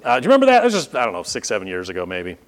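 A man's voice: lowish voice, huge pitch swings, very fast. A male pastor preaching a sermon, firing rhetorical questions at his congregation and acting out disbelieving reactions. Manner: acts out incredulous reactions. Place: church sanctuary at a podium.

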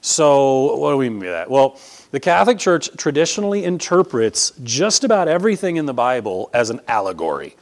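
A male pastor gives a teaching sermon in a casual, chatty manner, dropping jokes along the way. His pitch swings widely as he talks, while his voice itself sits at an ordinary middle pitch. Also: brisk. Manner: conversational, animated, jokey asides.

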